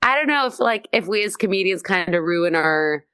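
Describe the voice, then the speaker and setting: A woman comedian chatting as a podcast guest, telling animated stories and acting out quotes, swearing freely. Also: fairly low pitch, moderate pace, smooth, dry recording, studio quality. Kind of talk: casual podcast chat.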